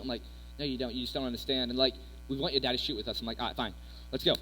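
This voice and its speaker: Bright-voiced young man giving a youth talk. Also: medium pitch, steady tone, quick pace. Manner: casual, rambling, filler-heavy. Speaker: youth speaker. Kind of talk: youth sermon with personal stories. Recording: echoey hall with mains hum.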